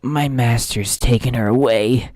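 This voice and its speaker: A man voicing a regretful male doll servant, reading the lines aloud slowly and plainly. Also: mid-range voice, a little mellow, dry recording, natural voice. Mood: urgent. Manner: reads the game's text aloud slowly and plainly.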